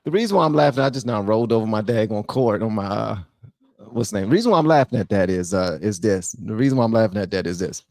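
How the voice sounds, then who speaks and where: A man hosting a livestream, reacting to clips in casual, animated commentary and often repeating phrases. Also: lowish voice, fast, no room sound, studio quality. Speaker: host.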